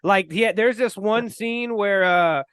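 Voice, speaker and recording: A man co-hosting a podcast, talking casually and profanely, acting out movie scenes with lively energy. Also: high voice, slow, clean tone, no echo, studio quality. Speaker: podcast co-host. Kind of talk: casual chat.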